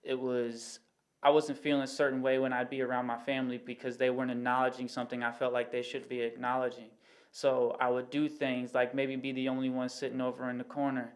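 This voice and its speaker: A podcast guest, a man with a flat, mid-range voice, muses earnestly and fairly quickly in a casual reflective conversation. He rambles, peppering his talk with "you know what I mean" asides and explaining things through everyday analogies.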